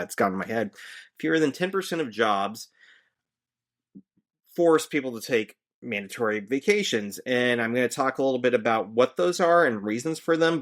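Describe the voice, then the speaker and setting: An easygoing man hosting a podcast, talking through a recap in a relaxed, chatty way. His voice sits at an ordinary middle pitch for a man, and he chuckles easily as he goes. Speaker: podcast host; teacher. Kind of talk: casual recap chat.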